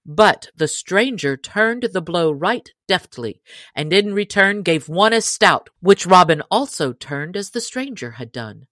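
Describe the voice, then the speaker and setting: A woman narrating an old adventure tale in a measured, expressive reading. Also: fairly low pitch, dry recording, studio quality. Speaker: audiobook narrator. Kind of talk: storybook reading.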